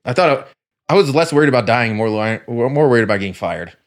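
A man's voice: mid-range voice, animated, fast talker. A man in casual podcast chat, telling rambling stories and swearing freely. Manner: profane, rambling storyteller. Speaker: podcast co-host.

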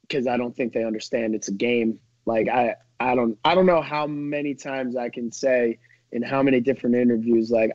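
A man's voice: medium pitch, no room sound, lo-fi sound. A man as a podcast guest in casual chat, telling stories in a rambling way full of "like" and "you know". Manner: rambling, fillers like "like" and "you know", animated storytelling.

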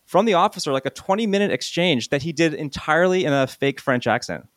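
A man's voice: fairly high pitch, expressive, quick pace, dry recording. A man co-hosting a podcast, talking in an upbeat, chatty way. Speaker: podcast co-host. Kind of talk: casual podcast chat.

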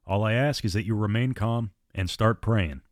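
A steady male airline captain holds his nerve and speaks with quiet resolve, firm but never falsely cheerful. His voice sits a touch low and close to the mic, with no room around it. A man reads him in near his own voice. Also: normal speed, dry recording, close to an everyday voice. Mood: resolute.

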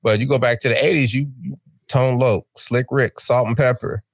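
A man's voice: medium pitch, normal speed, slightly rough, no room sound. A middle-aged man talks as a guest on a casual podcast. He tells stories with energy, slips into acted voices and often repeats a word as he starts. The sound is dry and close. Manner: animated storyteller, acts out voices, repeats words.

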